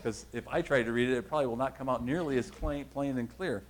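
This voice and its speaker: A man's voice: mid-range voice, quick pace, rough recording. A man preaching a sermon in a conversational, rambling way, often correcting himself mid-sentence. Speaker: pastor.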